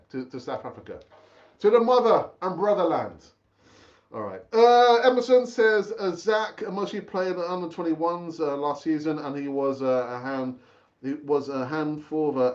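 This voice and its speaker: A man hosting a live fan stream, loose and chatty, who calls his viewers brother and keeps doubling back on his words. His voice sits fairly high for a man. The stream audio is dull and lo-fi. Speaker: fan channel host.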